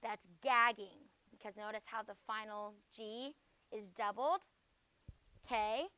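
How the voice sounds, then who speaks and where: A woman's voice: medium pitch, unhurried, fairly bright tone, smooth, no room sound. Woman teacher checking "okay?" constantly. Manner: checks in with "okay?" after nearly every phrase. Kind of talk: classroom spelling lesson. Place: classroom.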